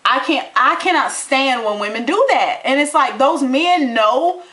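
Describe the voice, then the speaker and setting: A young adult woman in a casual, fired-up chat recapping a reality show, talking with animated indignation and folksy turns of phrase. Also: high voice, unhurried. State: out of breath. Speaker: TV recap vlogger.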